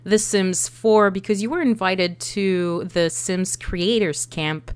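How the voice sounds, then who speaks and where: A woman's voice: medium pitch, slow, clean tone. A woman interviewing a guest casually and giving brief, attentive replies.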